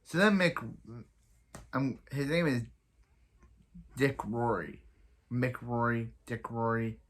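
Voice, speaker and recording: A man's voice: medium pitch, takes it slowly. A young man giving a casual, rambling recap of a TV episode, often stumbling and restarting his sentences. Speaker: show reviewer.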